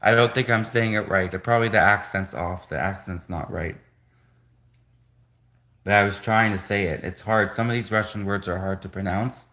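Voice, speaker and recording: Man, livestream host, bright tone, lowish voice, halting casual talk, slow careful practice phrases. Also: steady tone.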